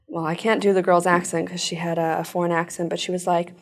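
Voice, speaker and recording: A woman recounting her experience in an interview, her voice sitting a little low with a gravelly fry. She speaks earnestly and tends to rush her sentences. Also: steady tone. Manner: earnest, rushed storytelling. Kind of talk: personal testimony.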